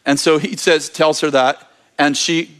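Animated man telling a sermon story. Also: fairly high pitch, measured pace.

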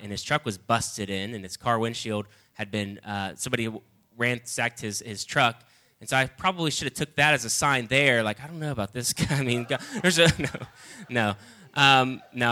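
A man preaching a sermon and reading scripture, earnest and halting, often repeating words as he restarts. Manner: rises loud and high when reading quoted lines.

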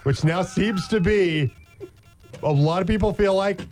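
A man's voice: sits high, unhurried, a little mellow, soft background music. A man with an American accent co-hosting a morning radio show, telling stories in a joking, rambling way with lots of restarts. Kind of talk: casual chat.

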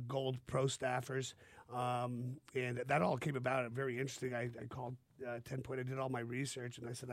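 Gravelly-voiced man guesting on radio. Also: medium pitch, no room sound. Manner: friendly, rambling with fillers. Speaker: guest business owner. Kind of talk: casual radio interview. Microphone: studio microphone.

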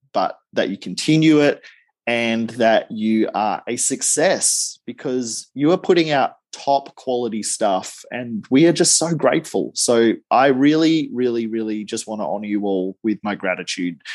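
A man with an Australian accent, a guest on a casual podcast, speaking at length in a warm, grateful, effusive way over a remote call. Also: fairly low pitch. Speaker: guest commentator.

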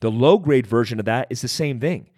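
A man's voice: medium pitch, brisk, darkish tone, no echo, studio quality. A man hosting a podcast, talking directly and conversationally about handling stress, repeating phrases for emphasis. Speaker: podcast host. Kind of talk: motivational talk.

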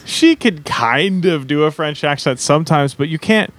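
A man co-hosting a podcast in casual chat, animated and often breaking into laughter while talking. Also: fairly high pitch, moderate pace. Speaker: podcast co-host.

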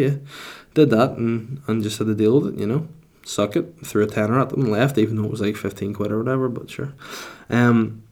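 Northern irish guy rambling on his podcast, sweary and jokey, lowish voice. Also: a little mellow. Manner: sweary, rambling, comic storytelling. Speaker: podcast host. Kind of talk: casual solo podcast chat.

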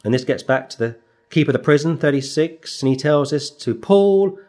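A man preaching an expository sermon, stressing words and pausing for effect as he reads out verse numbers. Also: fairly high pitch, animated, darkish tone. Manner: emphatic, with slow dramatic pauses.

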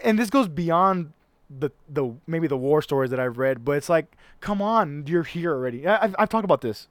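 A man's voice: on the high side, no echo. A man talking in a casual chat as a fitness coach, emphatic, with frequent restarts and casual swearing.

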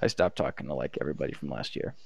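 A young man, a student, chatting casually in a halting, hesitant way, with many restarts and fillers. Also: extremely low pitch, animated, creaky, husky. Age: young adult. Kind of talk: casual chat.

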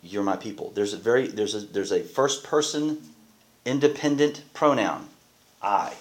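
A man's voice: on the low side, moderate pace. A man, a pastor, teaching a Bible class in a conversational way and often asking the group questions.

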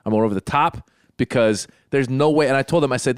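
A middle-aged man chatting casually, telling long stories. His voice is smooth and resonant. He often stops and restarts his sentences, and the sound is dry and close. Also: mid-range voice, quick pace, no echo. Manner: rambling storyteller, many restarts. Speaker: podcast co-host. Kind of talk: casual chat.

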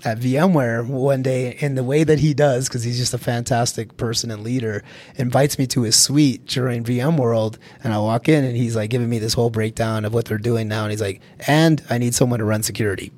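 A man's voice: medium pitch, fairly even intonation, fairly quick, darkish tone. A middle-aged man from Colorado, a security executive, telling his career story in a casual chat, laughing often and repeating words as he starts sentences.

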